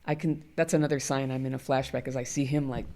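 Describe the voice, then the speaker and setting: A woman's voice: very deep voice, level tone, fast, mellow, slight background noise. A middle-aged woman, a guest in an interview, talking candidly and animatedly, often laughing. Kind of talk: conversational interview.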